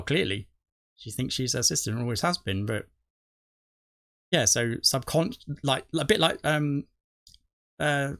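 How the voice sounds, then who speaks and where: Rambling man with a gravelly voice. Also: medium pitch, fairly bright tone. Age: middle-aged. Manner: rambling, self-correcting, chuckles at himself. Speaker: reaction video host. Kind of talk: casual rambling commentary.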